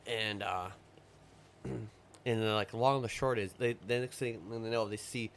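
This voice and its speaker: A man's voice: on the low side, steady tone, unhurried, a bit bright, slight background noise. A man telling a long story in a rambling, profane way during a casual podcast chat. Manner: rambling, profane, retells stories in quoted voices. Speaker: podcast guest.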